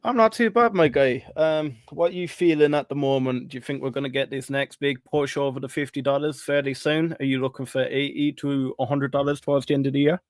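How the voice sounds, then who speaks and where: A man's voice: mid-range voice, fairly even intonation, fairly quick, few pauses, no room sound, studio quality. A man hosting a casual online audio chat, friendly as he reads out the chat. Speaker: host. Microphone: online audio call.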